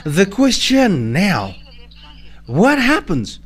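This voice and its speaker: A man with a Malagasy accent preaching a sermon in halting English, full of fillers and restarts. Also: sits high, wildly swooping pitch, breathy edge.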